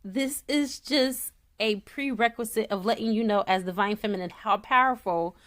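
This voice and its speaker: A woman's voice: medium pitch, normal speed. A woman tarot reader chatting casually to her viewers, emotional and gushing, close to tears as she talks. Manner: animated and excitable, swings from soft to loud.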